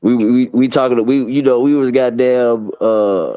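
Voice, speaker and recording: A man's voice: mid-range voice, measured pace, mellow, clear, resonant tone, no echo, muffled recording. A man co-hosting a casual sports talk show, bantering with heavy slang, swearing and frequent laughter. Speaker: podcast co-host.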